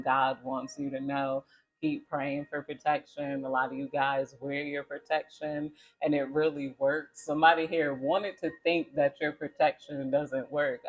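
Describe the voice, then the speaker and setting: A man giving a casual tarot reading, chatty and laughing often as he tells a personal story. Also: fairly high pitch. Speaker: tarot reader. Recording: dull lo-fi audio.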